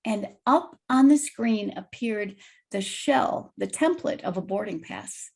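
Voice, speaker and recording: A woman guest telling a personal story in a lively, vivid way on a video call podcast. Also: mid-range voice, slow pace, creaky, slightly rough.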